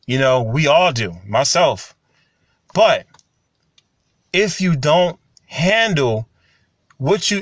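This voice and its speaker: A man, talking casually and getting animated when he tells stories. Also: on the high side, no echo. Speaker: commentary channel host. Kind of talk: casual monologue to camera.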